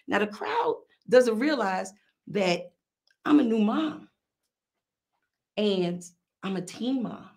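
A middle-aged woman with a New York accent, hosting a podcast and telling a story in a casual, animated, profane way. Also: mid-range voice, a little slow, creaky, pauses often. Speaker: podcast host.

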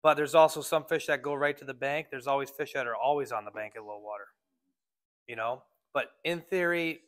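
A man's voice: medium pitch, a bit bright. A man working as a fishing guide, giving a casual talk to a club audience and speaking in a loose, filler-heavy way.

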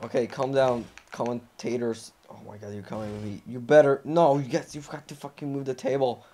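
A young man commenting on his own wrestling video game playthrough, often frustrated and yelling or swearing at the game. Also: medium pitch, fairly even intonation, normal speed. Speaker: gamer recording a playthrough. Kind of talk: live gameplay commentary.

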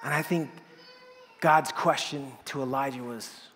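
A man's voice: medium pitch, steady tone, a little slow, slight background noise. Dramatic preacher man in a reverberant hall. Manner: dramatic, swings from loud to whispered. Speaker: pastor. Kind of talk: sermon.

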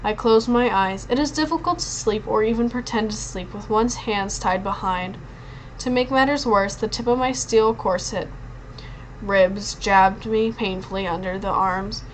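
Expressive woman reading a storybook aloud. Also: medium pitch, unhurried, slight background noise, poor audio. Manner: expressive, with occasional stumbles. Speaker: audiobook reader. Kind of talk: storybook narration in first person.

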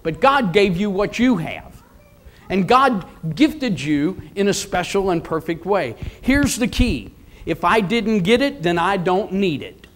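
Older male pastor in his 70s, high voice, emphatic repetitive preaching. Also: expressive, unhurried, a bit bright. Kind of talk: sermon.

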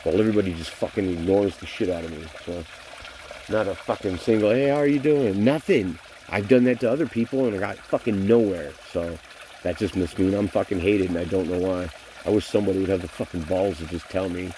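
A man's voice: low-pitched, quick pace, dark tone, a little hiss or hum. Bitter, profane man in his forties. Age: 40s. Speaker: vlogger. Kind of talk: venting vlog monologue.

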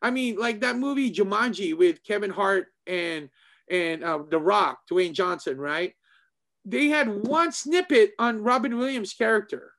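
Excitable man with a high voice. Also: a little slow. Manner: animated, excitable, repeats himself. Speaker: martial arts instructor and co-host. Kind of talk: casual chat.

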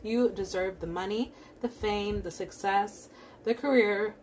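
A young woman giving a pick-a-card tarot reading, talking casually with lots of fillers and repeating warm affirmations to the viewer. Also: medium pitch, measured pace, slight background noise. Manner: encouraging, repetitive affirmations. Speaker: tarot reader.

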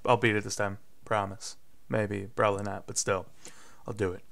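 A young man doing live gameplay commentary, swearing and getting frustrated, with sudden yelling bursts. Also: on the low side, level tone, normal speed, creaky. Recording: faint music behind.

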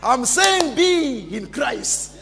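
High-pitched fiery Kenyan pastor, gravelly. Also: male voice, very animated, very slow, soft background music. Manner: fiery preaching, swings from shouts to near-whispers. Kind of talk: sermon. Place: large church hall. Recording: long church reverb.

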